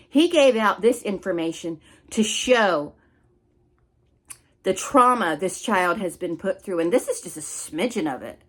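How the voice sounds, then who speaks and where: A woman in the middle of a heated commentary rant, scolding and blunt. She swears freely, jabs at her target again and again, and her voice sits at an ordinary middle pitch. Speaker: commentary channel host. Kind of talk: angry ranting commentary.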